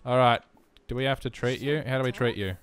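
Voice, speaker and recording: A man's voice: medium pitch, fairly even intonation, fairly quick, faint music behind. A young man giving casual, self-mocking let's-play commentary, chatting to the game as he plays. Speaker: gaming video host.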